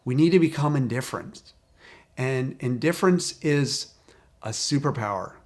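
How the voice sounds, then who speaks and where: A man speaking as a recovery coach, talking straight to the viewer in a calm, repetitive, encouraging way. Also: mid-range voice, normal speed. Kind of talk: direct-to-camera coaching talk.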